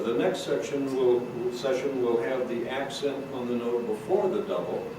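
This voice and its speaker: A man teaching drum rudiments, patient and explanatory as he counts out beats. He is picked up from a distance in a very echoey room. A steady layer of room noise sits under his voice. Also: medium pitch. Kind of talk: recorded teaching session. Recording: roomy echo, distant mic, noisy.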